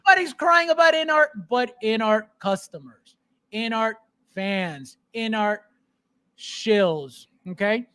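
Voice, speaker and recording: A man hosting a casual podcast, ranting in a mocking, animated way. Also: high-pitched, moderate pace. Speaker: podcast host.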